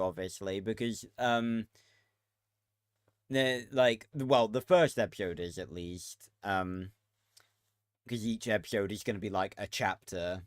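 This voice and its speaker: A man's voice: on the low side, a little slow, long pauses, clean tone, no room sound, clean studio sound. A man giving casual commentary while playing a building game, muttering to himself, swearing now and then and laughing. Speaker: gaming video creator.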